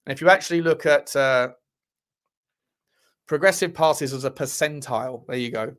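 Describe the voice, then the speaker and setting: A man's voice: medium pitch, moderate pace, a bit bright. A man hosting a football fan livestream, chatting casually, rambling, correcting himself and joking with the live chat. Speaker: football fan channel host.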